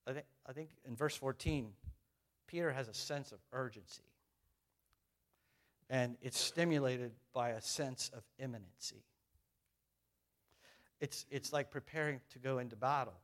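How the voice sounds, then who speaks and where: A man's voice: medium pitch, measured pace, pauses often. A middle-aged man preaching a conversational sermon as pastor, repeating phrases and putting questions to the congregation.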